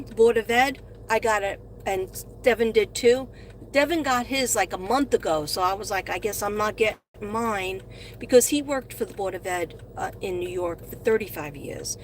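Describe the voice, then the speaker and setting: Streaming live from her car, a middle-aged woman who reads astrology chats with viewers in a rambling way and gushes as she thanks them. Her mid-range voice comes through a phone mic with a little hiss or hum.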